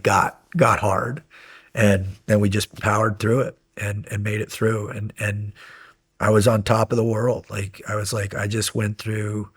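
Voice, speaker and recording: A man in his fifties tells stories as a podcast guest, his voice low and husky. He moves between animated storytelling and quiet, intense moments, in the loose manner of a casual interview. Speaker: podcast guest, former Navy SEAL.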